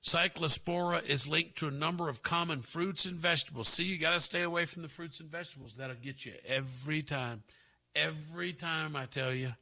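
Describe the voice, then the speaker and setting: A man hosting a talk radio show, delivering sarcastic commentary with drawn-out asides. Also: a little high, bright, forceful tone.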